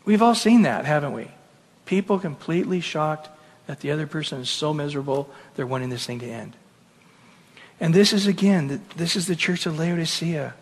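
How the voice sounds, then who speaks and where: High-pitched guy preaching, acts out the quotes, big echoey church sound. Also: normal speed. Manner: earnest, animated preaching with acted-out quotes. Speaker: pastor. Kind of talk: sermon.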